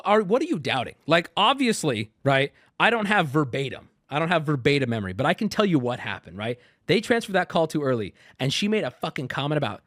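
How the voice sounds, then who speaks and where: A man's voice: on the high side, no echo, studio quality. A man in his thirties, a streamer, angrily retelling a customer service call to his audience, swearing and quoting both sides. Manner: angry, profane, animated retelling with quoted dialogue. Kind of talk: ranting story to a stream audience.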